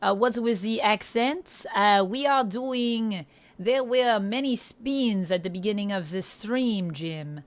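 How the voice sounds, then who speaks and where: A woman streamer voicing a hammy mock French Canadian man, halting and sprinkled with French words. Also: medium pitch, lightly acted. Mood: playful. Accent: put-on French Canadian. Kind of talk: livestream chat in a put-on accent.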